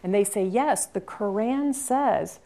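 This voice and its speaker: A woman's voice: mid-range voice, slow pace, mellow. A woman guest speaker answering audience questions at a university talk, telling an earnest story with emphatic repetition.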